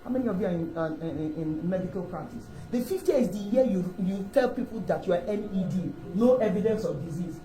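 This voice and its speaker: A woman giving a rousing inspirational sermon to an audience, building to loud, repeated calls. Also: mid-range voice, animated, brisk, hardly any pauses, slight background noise. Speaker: motivational speaker. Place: large hall before an audience. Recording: roomy hall with faint ambience.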